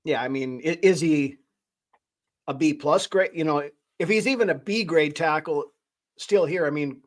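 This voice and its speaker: Man, slightly high voice, podcast host, casual sports chat, rambling. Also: moderate pace. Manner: rambling, thinking aloud.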